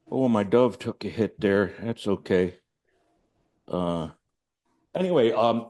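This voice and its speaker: A man's voice: medium pitch, a little mellow. An older man, an artist, giving an informal, rambling talk to a gallery audience about his work, with chatty, self-deprecating asides. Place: art gallery.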